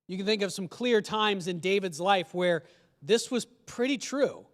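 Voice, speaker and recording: Man, pastor, high voice, conversational sermon, rhetorical questions, long church reverb. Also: moderate pace. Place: church sanctuary.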